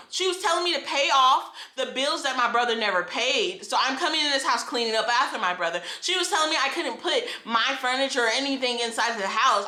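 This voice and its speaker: A young woman with a high, bright voice tells a hurtful family story straight into her phone. She vents in repeated, frustrated bursts and breaks into laughter along the way. The room around her sounds echoey. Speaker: vlogger. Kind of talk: emotional personal storytime vlog. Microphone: phone camera.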